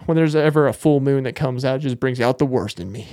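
A man's voice: mid-range voice, quick pace, few pauses, dark tone. A young man talks on his own podcast in a loose, meandering way, poking fun at himself. His voice sits in an ordinary middle register. The delivery is casual and unscripted. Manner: joking, rambling, self-mocking. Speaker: podcast host. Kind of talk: casual solo monologue.

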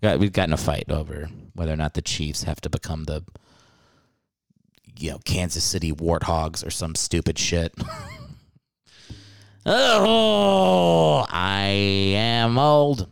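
A man's voice: a bass voice, little pitch movement, normal speed. A man hosting a podcast, ranting about sports in a casual comedic way. He swears freely and laughs often. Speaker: podcast host.

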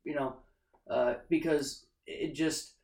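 A man's voice: on the high side, takes it slowly, creaky. Emphatic man in an echoey room. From United States. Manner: animated, emphatic storyteller. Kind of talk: casual political chat. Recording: echoey room, faint background noise.

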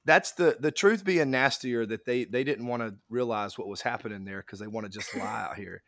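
A man's voice: mid-range voice, a little fast, fairly bright tone, dry recording, clean studio sound. Joking young man with a crackly voice. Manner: joking, rambling, mock-serious. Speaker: podcast co-host. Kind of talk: casual sports podcast banter.

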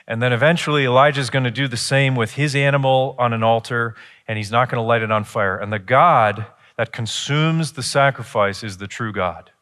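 A man preaching a sermon, retelling a scripture story with lively, animated delivery and acted-out quotes. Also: normal speed, big-room sound. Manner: animated storytelling, acts out quotes with rising pitch. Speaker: pastor.

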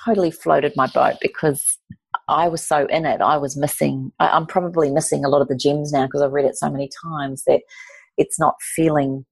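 A woman in her forties with a low, gravelly, husky voice talks through her story warmly and effusively, with frequent restarts. She sounds close and dry, with no room around her. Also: steady tone, fairly quick, no room sound. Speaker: author and guest. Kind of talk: casual conversational storytelling.

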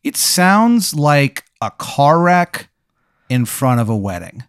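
A man improvising a comic hypothetical story, rambling and animated with lots of fillers. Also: on the high side, slow, clean tone, no echo, studio quality. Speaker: podcast host narrating a hypothetical.

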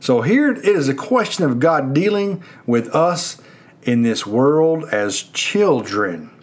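A man's voice: mid-range voice, very animated, slow pace. A man preaching a sermon, earnestly questioning his listeners with rising and falling emphasis.

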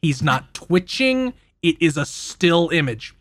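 A man hosting a podcast who casually recaps an anime, telling it in an animated, profane way. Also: a little high, takes it slowly, dry recording. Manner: animated, profane storytelling with frequent laughs. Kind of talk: casual chat.

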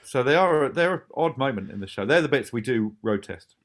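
Quick-talking man chatting and laughing. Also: mid-range voice, animated. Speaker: show creator talking about his series. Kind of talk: casual podcast chat.

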